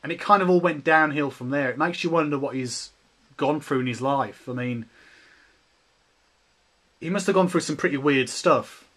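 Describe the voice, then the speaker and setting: A man's voice: a little high, normal speed, pauses often, a bit bright. A man chatting casually on a voice call, hesitant and full of fillers. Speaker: participant in a voice call. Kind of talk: casual chat.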